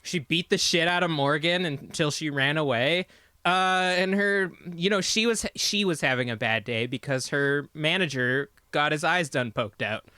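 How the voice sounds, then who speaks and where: A man's voice: on the high side, normal speed, pushed and bright, clean tone, no room sound. A man introducing his character as a player in a tabletop game, joking and laughing between phrases. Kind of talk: casual live-stream chat.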